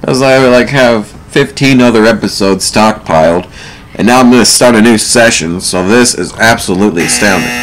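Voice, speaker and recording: Young male let's-player, low-pitched, foul-mouthed and sarcastic, desk mic with faint background hum. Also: poor audio. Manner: profane, sarcastic, quick swings to loud outbursts. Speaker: let's play commentator. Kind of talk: casual gameplay commentary.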